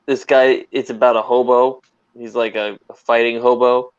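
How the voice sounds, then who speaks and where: A man's voice: mid-range voice, little pitch movement, moderate pace, clear, resonant tone, highs cut off. A man co-hosting a comics podcast, chatting with dry, teasing humor. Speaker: podcast co-host. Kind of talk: casual chat.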